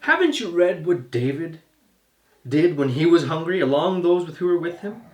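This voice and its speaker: A man voicing a clever, calm male teacher who answers critics with pointed questions. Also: mid-range voice, slow, reverberant.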